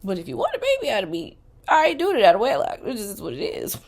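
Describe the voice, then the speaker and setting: A woman's voice: mid-range voice, huge pitch swings, fast, vocal fry. Blunt, profane woman ranting to camera. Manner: blunt and profane, swinging from loud outbursts to hushed asides. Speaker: vlogger. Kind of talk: casual comedic rant.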